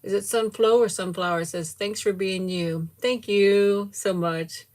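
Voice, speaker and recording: A middle-aged woman with a medium-pitched, darkish voice speaks a little slowly and steadily. Hosting a casual livestream, she tastes a sweet, giggles frequently, and gushes thanks to viewers by name.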